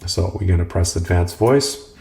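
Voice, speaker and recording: A man hosting a casual tech tutorial, talking in a relaxed, rambling way with filler words. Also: deep voice, normal speed, vocal fry. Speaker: host.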